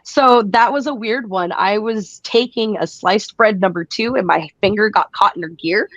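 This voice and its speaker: A woman's voice: mid-range voice, moderate pace, fairly bright tone, dry recording, lo-fi sound. A woman being interviewed about her wrestling career, telling stories casually with frequent laughs. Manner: chatty, laughs often, acts out quotes. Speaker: guest wrestler.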